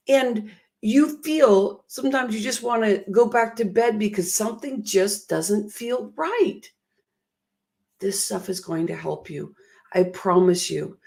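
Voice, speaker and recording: A middle-aged woman speaks as a motivational speaker, open and heartfelt, often breaking into laughter at herself. Her voice has a gravelly, fry-edged texture at a middle pitch. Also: darkish tone. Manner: emotional, earnest, laughs often. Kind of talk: motivational talk.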